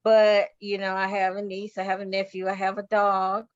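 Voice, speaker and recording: A woman patient panelist speaks frankly and reflectively in a mid-pitched voice. Her audio is dry and close, with a dull, lo-fi quality. She speaks over a video call. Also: completely flat delivery, normal speed, no echo. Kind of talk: personal testimony on a panel.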